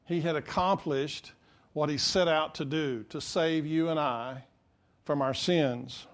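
A man's voice: on the high side, fairly even intonation, takes it slowly. A man preaching a sermon as pastor, earnest and rising to emphatic peaks.

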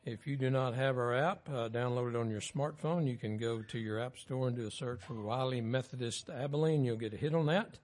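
Relaxed pastor giving church announcements. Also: male voice, medium pitch, fairly quick, hardly any pauses.

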